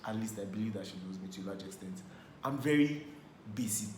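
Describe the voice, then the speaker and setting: Young man, co-host, expressive and playful; echoey room, faint hum. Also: lowish voice, quick pace. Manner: expressive, bursts of laughter, playful protest. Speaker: co-host of a couples channel. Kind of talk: casual chat.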